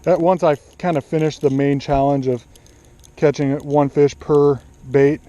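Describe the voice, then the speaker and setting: A man filming a casual fishing vlog outdoors by a pond, chatting excitedly to the camera on an action-camera mic. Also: on the high side, measured pace, no echo, muffled recording. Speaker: fishing vlogger. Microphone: action camera or DSLR mic.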